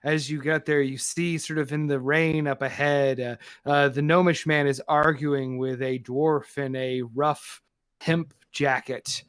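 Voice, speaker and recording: A man narrating as game master of a tabletop game, casual and quick with many fillers. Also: fairly high pitch, steady tone, a bit bright, smooth, dry recording, studio quality.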